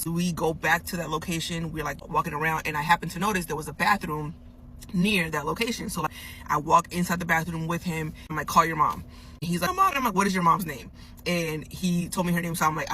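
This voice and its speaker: A woman talking in a parked car, telling a story in an animated, incredulous way and swearing freely. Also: lowish voice, slight background noise, low-quality recording. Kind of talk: casual storytime vlog.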